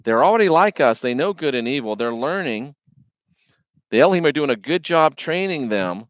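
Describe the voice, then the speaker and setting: A man's voice: medium pitch, animated, normal speed, dry recording, close to an everyday voice. A man playing a panicked, scheming god. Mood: alarmed. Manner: exasperated, blunt.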